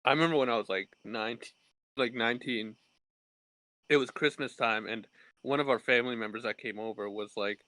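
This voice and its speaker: A man's voice: medium pitch, fairly quick, bright, forceful tone, no echo. A man co-hosting a podcast in casual chat, laughing a lot and swearing freely. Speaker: podcast co-host.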